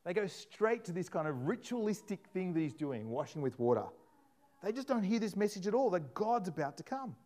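A man preaching a sermon, animated, acting out scripture in different voices. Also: high voice, fairly quick.

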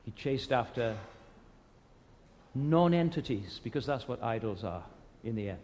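A man's voice: mid-range voice, animated, measured pace, a little mellow, big-room sound, a little hiss or hum. A man preaching a sermon who retells a story and asks the listeners rhetorical questions.

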